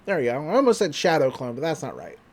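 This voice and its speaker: A man's voice: a little high, huge pitch swings, fast, a little mellow. A young man on a podcast, casually recapping an anime episode with loose paraphrased quotes and lots of fillers. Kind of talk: casual chat.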